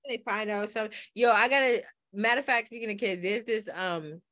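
A woman's voice: mid-range voice, a little fast, a bit bright, no room sound, clean studio sound. Slangy, laughing woman podcast co-host. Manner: loose, slangy, laughs often. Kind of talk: casual chat.

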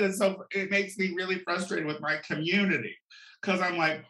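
A man's voice: high voice, steady tone, normal speed, sharp tone. A man doing a sassy, profane comedic rant, campy and full of exaggerated outbursts, recorded in an echoey room. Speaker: vlogger.

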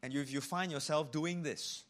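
Pastor, male, slightly high voice, animated delivery that dips into hushed emphasis. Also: moderate pace. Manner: acts out quoted voices in preaching. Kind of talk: sermon.

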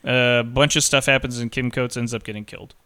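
A man's voice: mid-range voice, fairly even intonation, quick pace, bright, forceful tone, clean tone. A man co-hosting a podcast, chatting casually and jokingly about a movie and laughing often. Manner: jokey, laughs often while talking. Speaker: podcast co-host. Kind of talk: casual movie-review chat.

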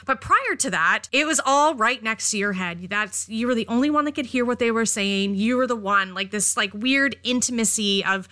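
Bright, emphatic woman co-hosting a podcast. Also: fairly high pitch, moderate pace, few pauses. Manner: emphatic, casual swearing, rhetorical questions. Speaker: podcast co-host. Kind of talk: casual chat.

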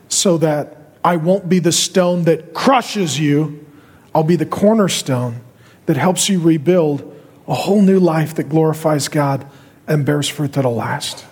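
A middle-aged male pastor preaching a sermon with impassioned, dramatic pauses, in a church auditorium. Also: a little high, darkish tone, husky. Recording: reverberant large hall.

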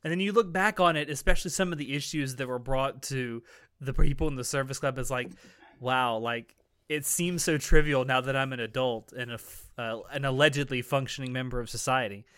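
A man's voice: mid-range voice, brisk, fairly bright tone, clear, resonant tone, no room sound, clean studio sound. A man in casual chat, wry and reflective, with casual swearing.

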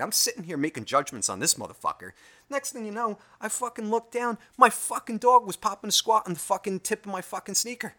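A man's voice: high voice, big pitch swings, a little fast, sharp tone. A man telling a rambling everyday story in a casual comic monologue, swearing heavily. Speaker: host.

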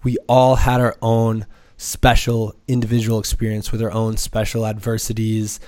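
A young man hosting a podcast, hoarse from a cold, chatting in a rambling, upbeat way with lots of fillers. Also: lowish voice, completely flat delivery, moderate pace, a little mellow, dry recording. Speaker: podcast host. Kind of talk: casual podcast chat.

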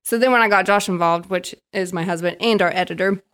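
A woman's voice: lowish voice, fast, fairly bright tone, clean tone. Female podcast guest, laid-back, dry wit. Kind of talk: casual podcast chat.

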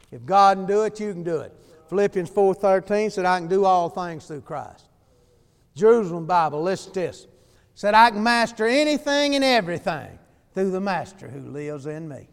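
High, clear-voiced preacher man. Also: long reverb tail. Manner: emphatic, folksy preaching with shouted hallelujahs. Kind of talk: fiery sermon.

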